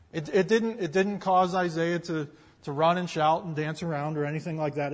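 A man preaching a sermon in a conversational, emphatic way, often checking in with his listeners. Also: on the high side. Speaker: pastor. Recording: long hall reverb.

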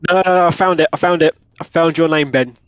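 A man's voice: on the high side, quick pace, crowd noise. A man chatting playfully with friends as a player, eager and joking. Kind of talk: casual chat among friends. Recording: dry, muffled lo-fi recording.

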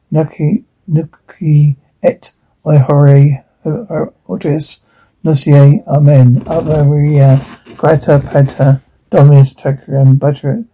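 A man reading a frightened woman's fervent prayer in a halting, stumbling way. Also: fairly high pitch, warm tone, exaggerated voice, low-quality recording.

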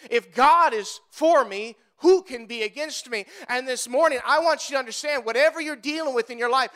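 A man's voice: very high-pitched, pushed and bright, clean tone. A male pastor preaching a sermon to his congregation, driving his points home with emphatic repetition.

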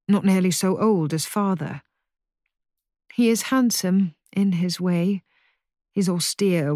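A woman narrating a historical novel as an audiobook in a measured, even reading voice. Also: fairly low pitch, no room sound, studio quality. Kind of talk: scripted narration.

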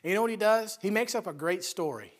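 A man preaching a sermon in a folksy, conversational way, retelling stories with lively acted-out voices. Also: high-pitched, fast. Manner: animated storytelling, acting out characters' voices.

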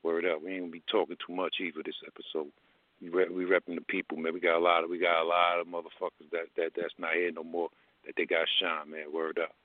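A man's voice: low-pitched, completely flat delivery, quick pace, dry recording. A man hosting a radio show in loose, profane street slang. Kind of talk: casual radio talk. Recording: dry, phone-like sound.

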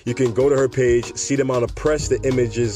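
A man talks casually as a podcast host, easygoing and joking. His pitch sits in the middle range. Faint music plays under his voice. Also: fairly even intonation, fairly quick, mellow. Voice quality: laid-back and joking, laughs between lines.

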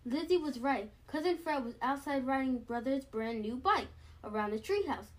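A woman's voice: high voice, normal speed. Woman reading a children's book aloud. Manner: steady reading with small slips and restarts. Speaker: storybook reader.

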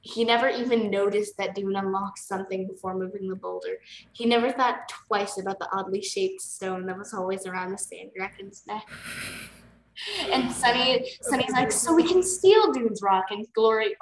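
A woman's voice: medium pitch, moderate pace. A woman co-hosting a podcast, casually retelling book scenes and quoting the characters with "like". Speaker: podcast co-host. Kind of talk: casual book recap chat. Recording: echoey room.

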